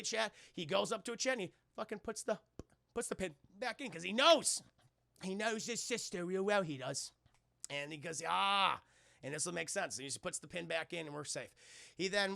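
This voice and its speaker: A man casually recapping a film scene by scene for his live chat, animated, swearing freely and acting out the characters' lines. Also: high-pitched, brisk, creaky, no echo. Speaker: streamer reviewing a film.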